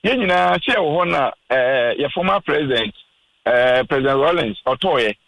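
A man's voice: medium pitch, expressive, moderate pace, creaky, fairly bright tone, no room sound, low-quality recording. A man from Ghana speaking as a family spokesman in a radio interview, earnest and repetitive, pleading his family's case.

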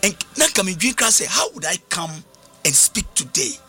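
A preacher with a high, bright voice that leaps up and down in pitch. He speaks emphatically and hammers home repeated phrases. Soft music plays faintly behind him. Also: sing-song, normal speed, breathy edge. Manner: emphatic, repeats key phrases, mixes in Twi. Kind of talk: sermon.

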